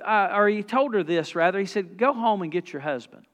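A man with a high, expressive voice preaches briskly with few pauses in a church sanctuary. His sermon is folksy and emphatic, building to loud exhortation, and the audio has a long church reverb.

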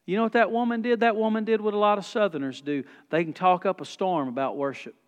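A man's voice: high voice, fairly even intonation, quick pace, clear, resonant tone. A man preaching a sermon in a church, folksy and emphatic. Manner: folksy, emphatic, rising to loud exhortation. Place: church sanctuary. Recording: long church reverb.

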